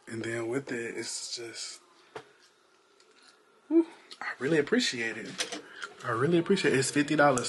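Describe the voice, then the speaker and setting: A man's voice: medium pitch, a bit bright, a little hiss or hum. A man chatting casually to viewers in a vlog, talking straight to them and exclaiming often. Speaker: vlogger. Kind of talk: casual vlog chat to camera.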